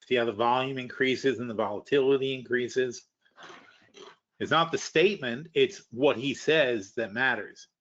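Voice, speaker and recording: Hosting a live webinar, a man gives casual market commentary, thinking aloud about the news bluntly and occasionally swearing. His middle-pitched voice is fairly bright and moves at normal speed, though the audio is dull and lo-fi like a muffled webinar feed.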